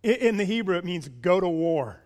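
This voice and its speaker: A man with a high-pitched voice delivers a sermon as pastor. He is animated and keeps turning questions on his listeners, often repeating words as he goes. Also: moderate pace.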